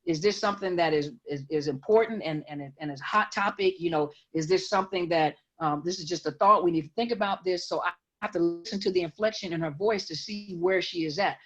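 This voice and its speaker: Woman, counselor, interview guest, emphatic, repeats words, lowish voice, dull recording. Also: a little fast. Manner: emphatic, repeats words while building a point. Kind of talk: explanatory interview talk. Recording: dull lo-fi audio.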